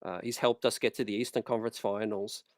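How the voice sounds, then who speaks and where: A man's voice: on the low side, fairly even intonation, quick pace, darkish tone, no room sound, studio quality. A man hosting a basketball fan channel, talking in a casual, worked-up way and leaning on fillers like "you know" and "man". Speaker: sports channel host.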